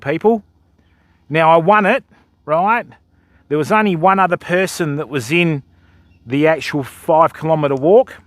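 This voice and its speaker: A middle-aged fishing livestreamer with an Australian accent chats casually with viewers, laid-back and joking. His voice sits on the high side and the recording has no echo.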